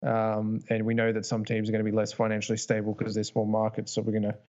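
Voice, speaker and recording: A young Australian man co-hosting a podcast, explaining his points in a measured, casual way. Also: fairly low pitch, completely flat delivery, a little mellow, dull audio. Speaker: podcast co-host. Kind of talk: casual chat.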